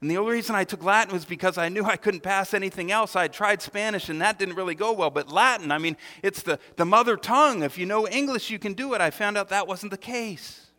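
High, bright-voiced preacher in a hall. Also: male voice, fast talker, hardly any pauses. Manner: animated, repeats words, acts out quotes. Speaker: pastor. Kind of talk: sermon.

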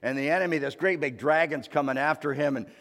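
A man's voice: on the high side, quick pace. Male pastor, dramatic storyteller, sermon in a reverberant church hall. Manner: dramatic storytelling, shifting from loud to hushed.

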